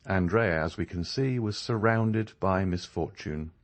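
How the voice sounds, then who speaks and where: A man narrating a classic novel as an audiobook, in an expressive, measured storytelling manner. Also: low voice. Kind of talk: scripted narration.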